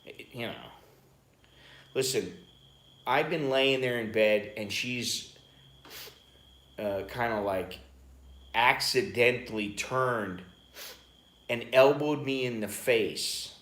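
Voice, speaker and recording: A man's voice: medium pitch, slow pace, long pauses, fairly bright tone. American guy rambling on a live stream, curses a bit, roomy echo. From United States. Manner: rambling, chatty, swears casually. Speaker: vlogger hosting a live stream. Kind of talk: casual chat. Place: home in Bangkok.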